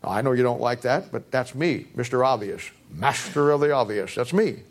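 In a church, a pastor preaches a sermon at normal speed, pressing his congregation with repeated rhetorical questions. His pitch swings from low to high.

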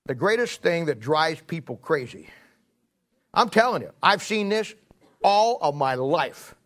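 A man delivering a sermon in a fairly high voice. He hammers his points home by repeating them, then drops to a hushed, drawn-out delivery. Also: big pitch swings. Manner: emphatic, repetitive, swings between loud and hushed. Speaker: preacher.

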